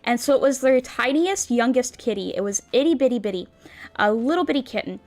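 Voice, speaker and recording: A woman's voice: on the high side, expressive, a little fast, darkish tone. A woman streamer chatting casually with her viewers in a bubbly, cutesy, rambling way. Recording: faint background music.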